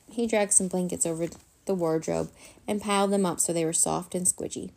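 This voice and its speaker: A woman reading a children's chapter book aloud in a gentle, even storytelling manner. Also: on the low side, creaky. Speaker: storybook reader.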